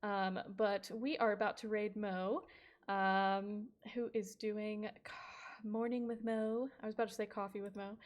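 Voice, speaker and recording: A woman's voice: medium pitch, flat delivery, a little slow. A young woman streamer chatting casually while she plays, rambling, swearing freely and laughing often. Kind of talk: casual gaming stream chat. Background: background music.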